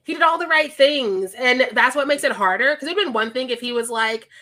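A woman in her thirties co-hosts a movie podcast, chatting casually about films in an animated way. Her voice sits high and runs a little fast; she laughs often, swears, and acts out what characters said.

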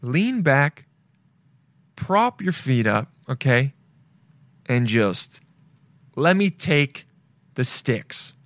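A man's voice: medium pitch, big pitch swings, extremely slow, long pauses, fairly bright tone, no echo. Laid-back, profane male podcast host. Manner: loose, rambling and profane, with playful asides. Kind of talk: casual solo show chat.

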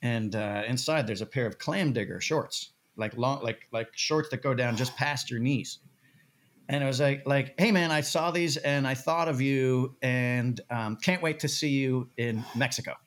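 A man's voice: medium pitch, normal speed. A man on a podcast, telling a story with lots of swearing and acting out the voices of the people in it. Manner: animated, swearing, acts out quoted voices. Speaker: podcast guest. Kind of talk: casual storytelling.

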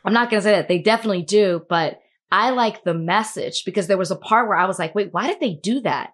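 A woman's voice: mid-range voice, fast. A woman co-hosting a podcast in casual chat, talking in a chatty way with many fillers. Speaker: podcast co-host and entertainment interviewer.

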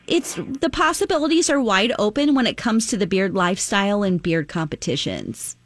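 A woman radio host running a prank phone call with an earnest pitch, stifling laughs. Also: lively intonation, moderate pace, dry recording. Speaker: radio morning show host.

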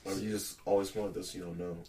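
A man co-hosting a casual chat, telling profane, animated stories and acting out quotes. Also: low voice, fast, distant mic.

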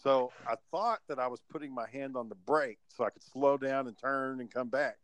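A man's voice: medium pitch, moderate pace, no echo. A man telling a story in casual podcast chat, cursing freely and acting out his own past lines. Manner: swearing, animated storytelling.

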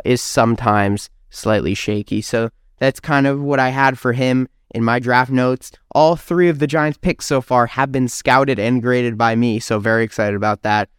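An upbeat man co-hosting a casual sports podcast, running through quick analysis. His voice is smooth and resonant at a middle pitch. The sound is dry and close, with no room around it. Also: no room sound. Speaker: podcast co-host.

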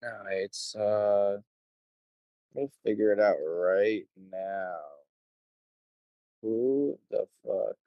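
A man's voice: lowish voice, drawn-out words, pauses often, no echo, dull audio. A young man being interviewed on a casual podcast, rambling through stories, swearing freely and acting out what people said. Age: young adult. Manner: rambling storyteller, swears freely, acts out quotes. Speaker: interview guest, show promoter. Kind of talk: casual conversation.

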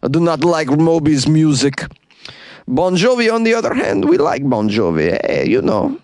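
A man voicing a gruff Russian prison type in an exaggerated mock-Russian accent, with blunt declarations. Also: fairly high pitch, sing-song, normal speed, darkish tone, no echo, clean studio sound, pitched above the performer's own voice.

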